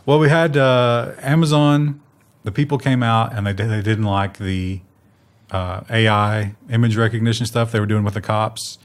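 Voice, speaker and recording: A man's voice: on the low side, flat delivery, normal speed, clean tone. A man co-hosting a casual tech news show, full of sarcastic jokes and asides.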